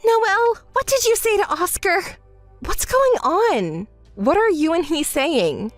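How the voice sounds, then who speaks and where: A woman voicing a spoiled, entitled young woman in a texting story, whiny and quick to throw tantrums. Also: very high-pitched, sing-song, no echo, soft background music, exaggerated voice. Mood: whiny frantic.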